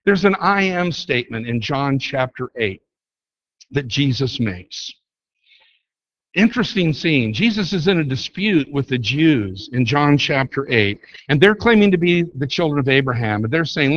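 A man's voice: medium pitch, big pitch swings, moderate pace, a bit bright, no room sound, highs cut off. A man teaching a Bible study lesson, explaining in an emphatic way and repeating key words to drive points home. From United States.

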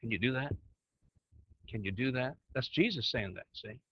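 A man's voice: mid-range voice, expressive, moderate pace, husky, dry recording, dull audio. A man teaching church leaders in a conversational preaching style, often asking his listeners questions. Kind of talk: sermon-style teaching with slides.

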